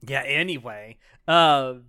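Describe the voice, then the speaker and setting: A man's voice: medium pitch, slow pace, bright, forceful tone. A man co-hosting a podcast, teasing the others and steering the talk. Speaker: podcast co-host. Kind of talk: casual chat.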